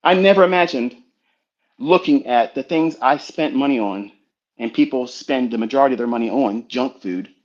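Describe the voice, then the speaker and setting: A man's voice: medium pitch, normal speed. A man coaching in a blunt, preachy motivational monologue, swearing freely. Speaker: trading coach. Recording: dull lo-fi audio.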